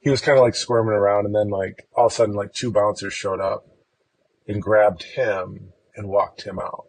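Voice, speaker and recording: A man's voice: fairly low pitch, flat delivery, normal speed, creaky, poor audio. A man from Chicago, a podcast guest, telling a personal story in an easygoing, rambling way.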